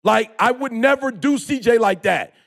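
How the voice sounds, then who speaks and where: Male motivational speaker, very high and gravelly, slangy and emphatic, prone to shouting. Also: moderate pace. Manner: preachy, emphatic, bursts into shouting; slangy, repeats phrases for emphasis. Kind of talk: impassioned motivational talk.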